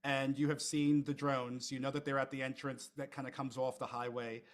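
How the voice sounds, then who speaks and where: A man's voice: mid-range voice, level tone, moderate pace. A man narrating a tabletop role-playing game as game master, talking hesitantly with many fillers.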